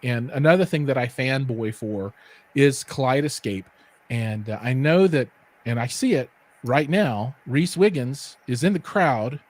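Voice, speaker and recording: A man's voice: mid-range voice, unhurried. A man co-hosting a casual live-streamed chat, telling stories animatedly, acting out quotes and using lots of fillers. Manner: animated storyteller, acts out quotes, many fillers. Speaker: podcast co-host.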